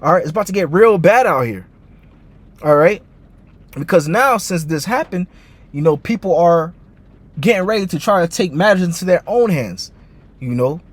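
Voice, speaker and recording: High-voiced man preaching loosely. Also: animated, normal speed, long pauses. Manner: repeats "man" and "all right" constantly, stammers and restarts. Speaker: online commentator and preacher. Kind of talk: casual scripture-based commentary.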